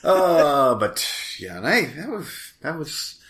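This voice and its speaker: A laid-back man chats on a podcast and laughs often. His voice is mid-pitched for a man. His speech rises and falls a lot. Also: very animated, takes it slowly, background noise. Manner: laughs often, easygoing, reflective. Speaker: podcast co-host. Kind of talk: casual chat.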